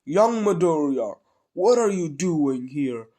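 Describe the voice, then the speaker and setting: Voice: medium pitch, sing-song, takes it slowly, dark tone. A speaker with a cold voicing a cheerful, theatrical adult male hero mentor in a casual fan story. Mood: hearty. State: sick with a cold.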